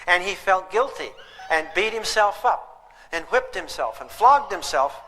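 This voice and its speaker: An older man with a high, expressive, pushed and bright voice gives a live parenting lecture at a slightly slow pace. He tells stories emphatically and asks his audience rhetorical questions, with long hall reverb on the recording.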